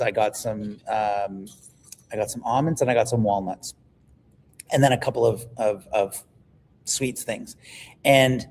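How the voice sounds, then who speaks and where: Animated man telling stories. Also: mid-range voice. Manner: animated storyteller, emphatic, repeats words when excited. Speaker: guest on a health livestream. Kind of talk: casual livestream conversation.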